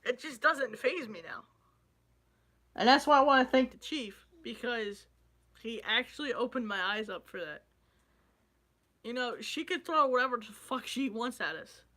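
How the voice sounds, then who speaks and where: A man's voice: very high-pitched, expressive, moderate pace, pauses often, sharp tone. A young man vlogging in an emotional, rambling way, swearing freely as he talks about loss and his dreams. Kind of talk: emotional casual vlog talk.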